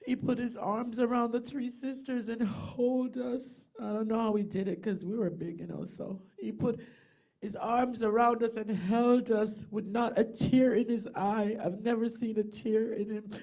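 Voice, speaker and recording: A woman's voice: a little high, steady tone, unhurried, warm tone. A middle-aged woman, giving tender, rambling eulogy remarks for her brother over a video call. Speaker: bereaved sister giving a eulogy.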